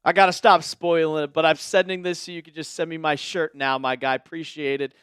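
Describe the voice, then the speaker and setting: Male livestream host, smooth high voice in a dry room, jokey chat with viewers. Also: flat delivery, brisk, fairly bright tone, dry recording, soft background music. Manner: jokey, chatty, addresses viewers by name.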